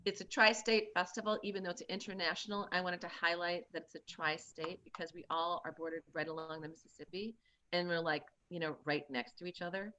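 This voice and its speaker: This is a middle-aged woman hosting a casual conversation, raised in the Midwest. Her voice sits a little low but rings bright and forceful. She talks with animated enthusiasm and keeps restarting her sentences. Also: a little fast, slight background noise. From born in Minnesota, raised in Iowa. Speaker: host. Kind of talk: casual video-call chat.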